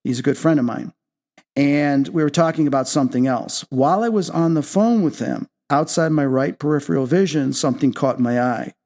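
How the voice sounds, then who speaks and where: A man hosting a paranormal talk show, telling a personal story in an animated way. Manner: excitable, leaps high when reenacting his own reactions. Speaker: podcast host.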